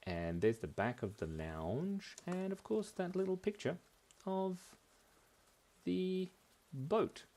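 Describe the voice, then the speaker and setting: A man leads a live drawing class for children, chattering as he sketches and playing with silly words. His pitch leaps up and down all over the place, while his pace stays slow and unhurried. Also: sing-song, warm tone. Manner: playful, goofy wordplay, talking while drawing.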